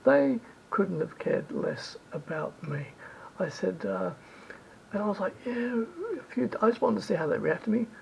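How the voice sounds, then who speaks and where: A man's voice: expressive, normal speed, creaky, darkish tone. A man giving rambling travel advice in a vlog, repeating himself and correcting his words as he goes. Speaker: travel vlogger. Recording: dull lo-fi recording with faint rumble.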